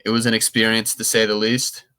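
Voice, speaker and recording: A man's voice: on the low side, completely flat delivery, fairly quick, sharp tone, clean tone. A young man co-hosting a podcast, chatting casually and rambling with frequent restarts. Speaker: podcast co-host. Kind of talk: casual chat.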